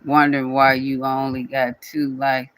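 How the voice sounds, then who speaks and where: Scolding man, bright close voice. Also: medium pitch, monotone, measured pace, clean tone, no echo, rough recording. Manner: scolding, repetitive, speaks directly to viewer. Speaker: channel owner addressing a commenter. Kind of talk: casual scolding vlog rant.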